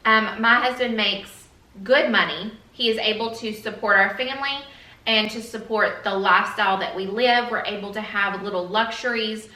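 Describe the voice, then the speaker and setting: A woman's voice: mid-range voice, moderate pace, bright, forceful tone, recorded from a distance. Earnest woman vlogging in an echoey room. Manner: earnest, rambling with fillers. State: a little emotional. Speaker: beauty vlogger. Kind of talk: casual chat to camera.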